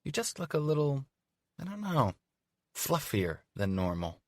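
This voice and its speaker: A man voicing a sharp-tongued young woman talent agent in an audiobook, mocking and sweetly teasing. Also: medium pitch, sing-song, moderate pace, breathy edge, no echo, studio quality, pitched above the performer's own voice. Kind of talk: audiobook character voice.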